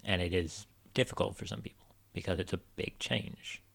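A man co-hosting a casual chat, his voice sitting very low with a gravelly edge. He talks in a relaxed, opinionated way, with dry asides. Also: normal speed. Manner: chatty, wry and opinionated. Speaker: podcast co-host. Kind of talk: casual discussion.

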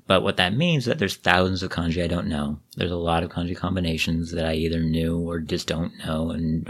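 Deep husky man chatting on a podcast. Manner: relaxed, rambling storytelling. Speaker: podcast co-host. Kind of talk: casual chat.

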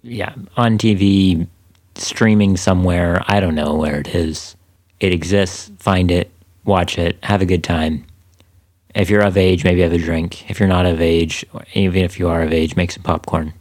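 A man's voice: sits low, fairly even intonation, moderate pace, a little mellow. A man co-hosting a podcast in casual chat, playful and full of jokey asides. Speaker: podcast co-host.

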